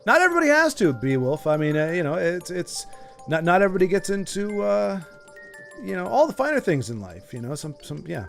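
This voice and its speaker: A man's voice: high-pitched, very animated, fairly quick, gravelly, a bit bright, soft background music. A man streaming a video game, chatting casually and jokingly with his viewers in a rambling way. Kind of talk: casual live-stream chat.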